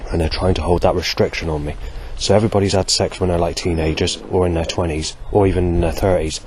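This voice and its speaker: A man vlogging a spoken diary outdoors, halting and correcting himself as he goes. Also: low-pitched, steady tone, darkish tone, slight background noise. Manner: halting, with many restarts and self-corrections. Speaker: vlogger recording a daily log.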